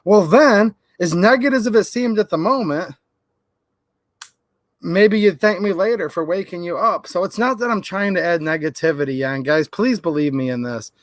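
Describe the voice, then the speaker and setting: A man's voice: sits high, normal speed, no room sound. A man hosting a livestream, telling rambling stories and chatting with viewers. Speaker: channel host. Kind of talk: livestream commentary.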